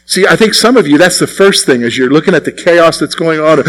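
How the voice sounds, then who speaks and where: A man's voice: a little high, lively intonation, a little fast, hardly any pauses, poor audio. A man preaching a radio sermon in a conversational way, putting questions to his congregation. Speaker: pastor. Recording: recorded sermon broadcast on radio.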